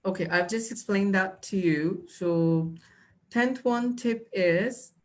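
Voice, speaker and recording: A woman's voice: mid-range voice, takes it slowly. A woman teaching an exam-prep class live, giving tips and calling students "dear". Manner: instructive, addresses students as dear. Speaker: IELTS trainer. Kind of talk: live online class, answering chat.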